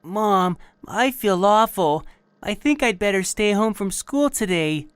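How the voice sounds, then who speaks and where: A woman's voice: medium pitch, expressive, a little slow, smooth, no room sound. A woman reading a child's lines in a scripted practice dialogue, plain and careful.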